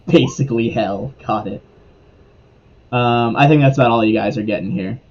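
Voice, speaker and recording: A man running a tabletop game as game master, describing scenes in a relaxed way with fillers. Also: medium pitch, normal speed, lo-fi sound.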